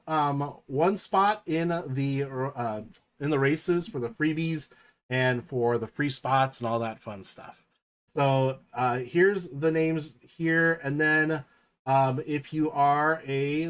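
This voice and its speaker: A man with a high voice hosting a trading-card livestream. He speaks slowly and casually, reading out names one at a time. When he calls a mock horse race, his commentary rises in excitement. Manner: unhurried, reads names out one by one. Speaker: card break host.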